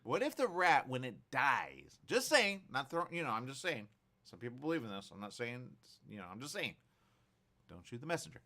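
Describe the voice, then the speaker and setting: On his morning talk show, recorded in a studio, a man chats casually at a brisk pace in a medium-pitched voice. He spins animated, meandering stories packed with playful what-ifs.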